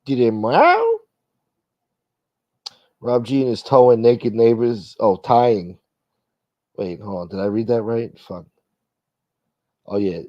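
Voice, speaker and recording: A man hosts a casual livestream, reading viewer comments aloud with blunt, profane wisecracks. His medium-pitched voice is very animated yet slow, with long pauses, in a dull, dry, lo-fi recording.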